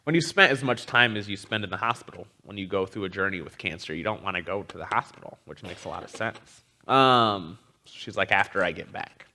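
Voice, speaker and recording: A man's voice: on the low side, lively intonation, brisk, hardly any pauses, bright, forceful tone. A man giving a personal storytelling talk as a guest teacher, speaking candidly and conversationally, with frequent ums. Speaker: guest teacher at a spiritual community.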